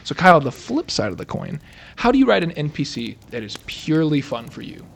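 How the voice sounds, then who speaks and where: A man's voice: on the high side, very animated, fairly quick, gravelly, a little hiss or hum. A man from Alabama hosting a casual podcast, leading the talk with questions and a playful manner. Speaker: podcast host.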